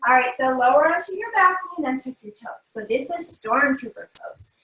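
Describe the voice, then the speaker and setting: A high-pitched, bright-voiced woman guides a family yoga class with playful, encouraging cues. She sounds a little distant from the mic in an echoey studio room. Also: lively intonation, a little fast. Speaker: yoga instructor.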